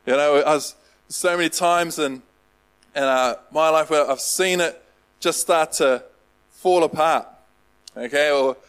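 A man's voice: on the high side, unhurried, pauses often, a bit bright, clean tone, poor audio. A man preaching a casual sermon, rambling and self-deprecating, with lots of fillers. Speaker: pastor.

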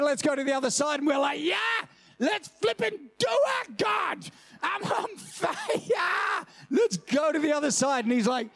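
A man preaching a lively sermon to his church, telling stories and jumping into high shouted voices when he quotes people. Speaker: pastor.

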